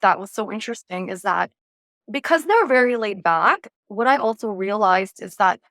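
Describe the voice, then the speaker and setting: Clean, dry studio sound carries a woman's medium-pitched voice at normal speed. As a relationship coach guest in a casual interview, she gives advice playfully and acts out what people say with lively energy.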